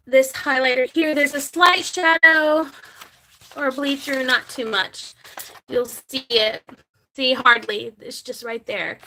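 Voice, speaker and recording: A young woman with a slightly high voice chats casually in a planner vlog while writing on camera, speaking openly about feeling anxious. She's warm toward viewers and talks as she writes, sounding nervous and anxious. The recording is rough.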